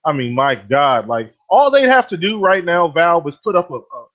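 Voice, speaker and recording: Blunt, laid-back male co-host, slightly high voice, dull low-fi recording. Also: sing-song, moderate pace, fairly bright tone. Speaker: podcast co-host. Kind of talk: casual gaming chat. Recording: dull lo-fi audio.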